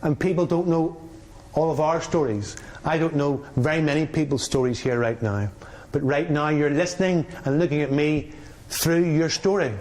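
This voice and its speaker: A middle-aged man speaks as a mediator giving a public talk. He tells a personal story in a candid, wry way with dry humour. His voice sits a little higher than most men's. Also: moderate pace, a little mellow.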